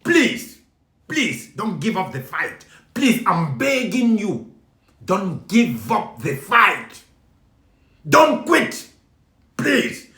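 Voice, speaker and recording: Cameroonian man, French his first tongue, pleading direct-to-camera appeal, bright tense tone, echoey room. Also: sits high, very animated, slow. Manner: emphatic and pleading, repeating lines, bursts of shouting. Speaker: video speaker addressing compatriots. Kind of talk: impassioned spoken appeal.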